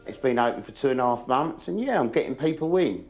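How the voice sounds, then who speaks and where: A man's voice: medium pitch, lively intonation, fast, darkish tone, faint music behind. An older man who runs a bar, talking in a brash, showy way and swearing freely. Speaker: bar owner. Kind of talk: casual chat and banter.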